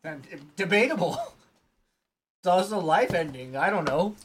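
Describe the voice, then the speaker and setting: Woman podcast co-host, animated, playful and defensive, casual banter. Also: on the low side, normal speed, a little hiss or hum. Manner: playful, defensive, laughs while talking. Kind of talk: casual chat.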